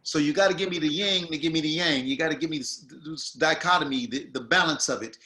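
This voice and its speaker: Guy running an acting masterclass, higher voice, bright and forceful, slangy and emphatic. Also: fast talker. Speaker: acting teacher. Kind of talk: masterclass coaching.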